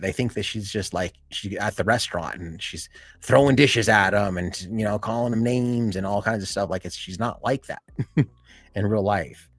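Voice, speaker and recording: A man hosting a live stream in casual chat, rambling and filling every pause with "you know" and "like". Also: lowish voice, dry recording.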